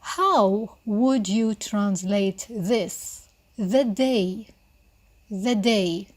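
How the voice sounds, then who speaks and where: A woman teaching a beginner Arabic lesson, speaking slowly and patiently and repeating each word for the learner to copy. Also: medium pitch.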